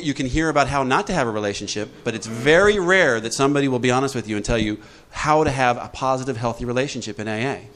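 A man leading a recovery group talk, lively and joking, acting out little voices as he explains. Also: medium pitch, a little hiss or hum. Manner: lively, jokey, acts out voices. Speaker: recovery workshop speaker.

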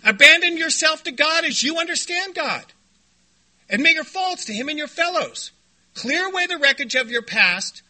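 A man speaking to a recovery meeting, telling stories in an animated, joking way and shouting when he acts out what others said. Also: extremely high pitch, normal speed. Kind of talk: storytelling talk to a meeting. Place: meeting room before a group.

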